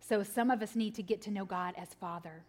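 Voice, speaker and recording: A woman, preaching a sermon to mothers, swinging from laughing, animated stories to quiet, earnest points. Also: mid-range voice, brisk.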